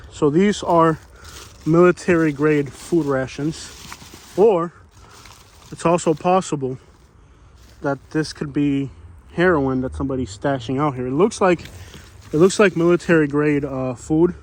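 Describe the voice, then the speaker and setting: A man's voice: fairly high pitch, a little slow, long pauses. A man out of breath, walking through hot woods and talking in a rambling, folksy way full of "you know," as he vlogs. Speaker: vlogger exploring homeless camps. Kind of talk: casual walking vlog narration. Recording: faint outdoor ambience.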